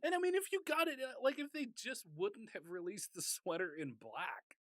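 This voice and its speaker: A man's voice: sits high, wildly swooping pitch, normal speed, dry recording. A man co-hosting a casual podcast chat, joking and laughing often. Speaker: podcast co-host.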